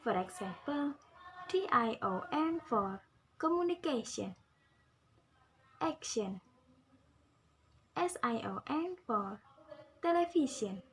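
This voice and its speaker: A woman's voice: a little high, animated, a little slow, a little hiss or hum. A young woman with an Indonesian accent reads a pronunciation lesson aloud, carefully drilling words for listeners to repeat. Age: young adult. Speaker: student presenter. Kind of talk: reading an English pronunciation lesson.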